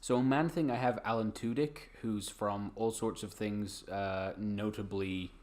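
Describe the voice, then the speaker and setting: A man's voice: lowish voice, fairly even intonation, unhurried, darkish tone. A man co-hosting a podcast, chatting casually and rambling with lots of fillers. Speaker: podcast co-host. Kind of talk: casual chat.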